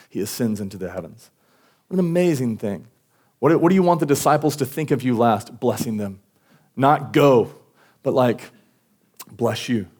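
A man's voice: mid-range voice, darkish tone. A young man preaching a sermon in a casual, conversational way, acting out quotes as he goes. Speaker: pastor.

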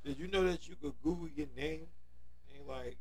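High-voiced young man, rowdy banter. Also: normal speed, a crowd in the background. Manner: rowdy, repeating punchlines loudly. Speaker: podcast co-host. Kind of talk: casual chat.

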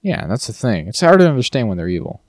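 A man co-hosting a podcast rambles happily, repeating himself as he thinks out loud. His voice swings widely in pitch, and the recording is dry and close with no room echo. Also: quick pace. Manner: animated, rambling, repeats words. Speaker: podcast co-host. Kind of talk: casual chat.

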